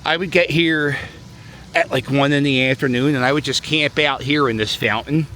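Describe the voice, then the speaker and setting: A man's voice: mid-range voice, steady tone, normal speed, sharp tone, a little hiss or hum. A middle-aged man, vlogging outdoors on a snowy city plaza, talking chattily in a joking, rambling way into a handheld camera as he walks. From Philadelphia. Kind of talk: casual walking vlog commentary.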